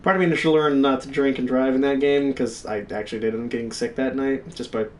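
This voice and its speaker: A man's voice: mid-range voice, brisk, far from the mic, slight background noise. Profane young man telling gaming stories. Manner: profane, animated, reenacts his own yelling. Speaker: stream co-host. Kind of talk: casual storytelling.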